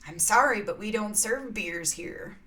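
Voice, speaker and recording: A woman voicing a male bartender in a told joke, turning down a request in a flat, curt way. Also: mid-range voice, a little slow. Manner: curt, matter-of-fact refusals.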